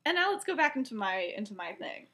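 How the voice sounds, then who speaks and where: A woman's voice: on the high side, sing-song, fast talker, sharp tone. Young woman rambling through a story. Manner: rambling, many fillers, acts out quoted lines. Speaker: podcast co-host. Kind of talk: casual chat retelling a story.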